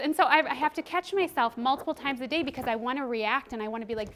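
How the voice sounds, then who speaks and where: A woman in her thirties giving a workshop presentation as a trainer, animated and quick to laugh. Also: high-pitched, a little hiss or hum. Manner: animated, laughs often, acts out quoted voices. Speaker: parenting and behavior trainer.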